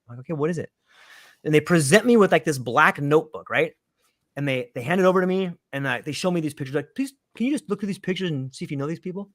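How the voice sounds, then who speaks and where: A man telling a story in a casual chat, lively and acting out the voices of the people in it. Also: a little high, fast talker, no echo, clean studio sound. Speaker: panel guest telling a story.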